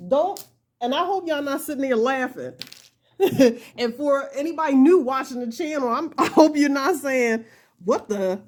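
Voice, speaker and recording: A woman's voice: sits high, normal speed, darkish tone. A woman hosting a casual crochet tutorial, chatty and self-deprecating, often laughing and talking straight to her viewers. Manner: addresses viewers as y'all. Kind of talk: casual talk-through tutorial.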